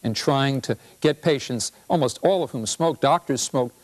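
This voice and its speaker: A man's voice: mid-range voice, normal speed. A middle-aged man, a physician, giving a lecture-style talk on a health show, wry and storytelling, with rhetorical questions.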